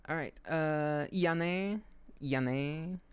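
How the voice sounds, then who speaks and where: A man streaming his language study, slowly repeating verb forms and muttering to himself at a desk mic. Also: on the high side, clean tone. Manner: slow, repetitive drilling of words, muttering to himself. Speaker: VTuber streamer studying Japanese.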